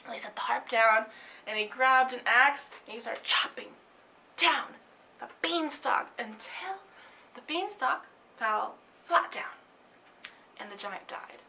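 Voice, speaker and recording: Bright-voiced woman telling a fairy tale. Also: a little high, slow pace, vocal fry, pauses often, slight background noise. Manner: animated, dropping to whispers for suspense. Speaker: storyteller.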